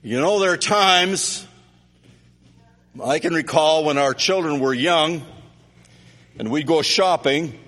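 A middle-aged man from Canada preaching a sermon, loud and animated, mixing stories with scripture. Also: a little high, slow, pauses often. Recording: long reverb of a hall.

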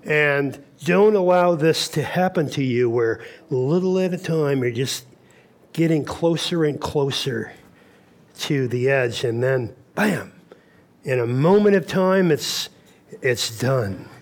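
A man's voice: medium pitch, animated, slow. A man preaching a sermon at a camp meeting, telling Bible stories and acting out the dialogue. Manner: storytelling, acts out dialogue in quotes.

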